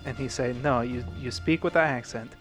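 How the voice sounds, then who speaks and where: A man's voice: medium pitch, fairly quick, soft background music, natural voice. A man voicing a young adult daughter with a thick mock foreign accent and broken English, playful and giggly.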